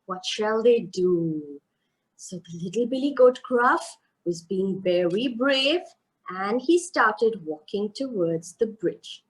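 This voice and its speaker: A woman narrating a children's story live, animated and sing-song, asking her listeners questions. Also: medium pitch, slow, poor audio.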